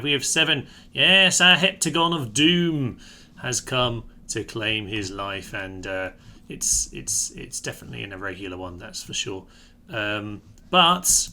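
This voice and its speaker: A man with a very bright, sharp-edged voice, narrating a strategy game as he plays. His commentary is wry and sarcastic, and he chats to his own troops as if they could hear him. His pitch sits in an ordinary middle range. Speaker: gaming video host. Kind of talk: let's-play game commentary.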